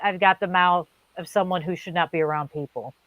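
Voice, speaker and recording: A woman's voice: fairly low pitch, fairly quick, no echo, low-quality recording. A woman co-hosting a casual chat, telling a funny story with lots of swearing and acted-out voices. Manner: animated storyteller, swears freely, acts out voices. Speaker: co-host.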